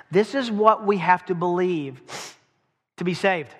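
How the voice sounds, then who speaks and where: In a large hall, a man with a high-pitched, slightly bright voice preaches a sermon. He is emphatic, asks rhetorical questions, and slows down to stress key phrases.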